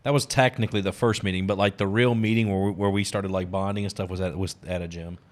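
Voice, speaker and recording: A man's voice: low-pitched, steady tone, fast talker. A man co-hosting a podcast, casually recounting how the hosts first met. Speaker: podcast co-host. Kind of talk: casual chat.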